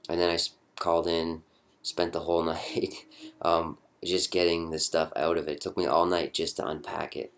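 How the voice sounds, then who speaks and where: Deep-voiced young man, rambling walkthrough. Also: little pitch movement, moderate pace, a bit bright. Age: young adult. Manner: rambling, chatty, self-correcting. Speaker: hobbyist prop builder. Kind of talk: casual show-and-tell walkthrough.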